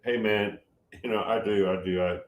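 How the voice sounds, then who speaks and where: An older man in his seventies talks through viewer comments on his stream. He gets loud when he's excited and often stops to restart his sentences. His voice sits a bit low, and the room around him echoes. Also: normal speed, muffled recording, slight background noise. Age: 70s. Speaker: livestream host answering chat. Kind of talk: casual livestream talk.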